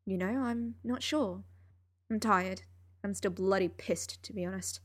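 Tired grumpy dad, low and quiet, a woman reading him. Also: measured pace, natural voice. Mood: weary. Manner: tired and blunt. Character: weary, upset middle-aged father.

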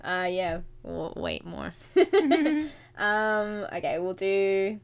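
A woman co-hosts a casual chat, laughing often and rambling with plenty of fillers. She speaks slowly, and her pitch swings widely. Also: animated, vocal fry, smooth. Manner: giggly, rambling, with many fillers. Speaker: podcast co-host reading fan fiction.

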